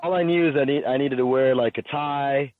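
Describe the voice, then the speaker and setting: A man's voice: mid-range voice, fairly quick, a little hiss or hum. A man guest telling his story casually, acting out quoted talk with lots of fillers. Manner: animated storyteller, acts out quotes, frequent fillers. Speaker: podcast guest, fighter and businessman. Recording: tinny phone-like line.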